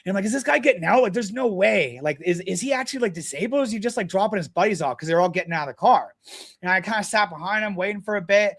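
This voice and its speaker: A man talking as a podcast guest, telling stories in a blunt, animated way with plenty of swearing. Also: high-pitched, fast talker. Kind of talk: casual storytelling chat.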